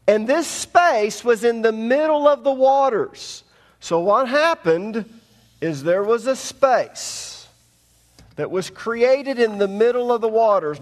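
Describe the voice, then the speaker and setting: A man's voice: high voice, long reverb tail. A man teaching a Bible lesson to a congregation, explaining each point plainly and step by step. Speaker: pastor.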